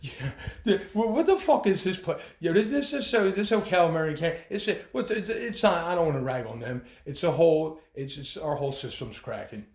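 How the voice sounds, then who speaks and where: Man, somewhat high voice, heated rambling storyteller, swears a lot, roomy echo. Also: expressive, a little fast, a little mellow. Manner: agitated, profane, rambling with many restarts. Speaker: bereaved son telling his story. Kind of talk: heated first-person account.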